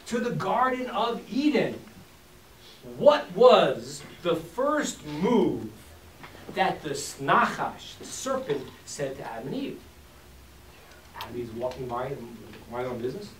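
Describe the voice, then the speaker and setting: Lively teacher giving a class, acts out little quotes, jokes w the crowd, roomy echo. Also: medium pitch. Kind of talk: informal talk to a live audience. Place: room with a live audience. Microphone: distant from the mic. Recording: echoey room, distant mic, faint hiss.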